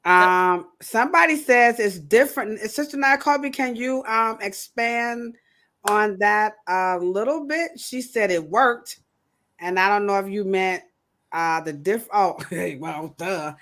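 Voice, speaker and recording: Podcast hostess, bright clear voice, animated and emphatic, riffs and jokes with the chat. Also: female voice, medium pitch, a little slow. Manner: animated, emphatic, joking rants. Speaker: podcast host. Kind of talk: casual chat.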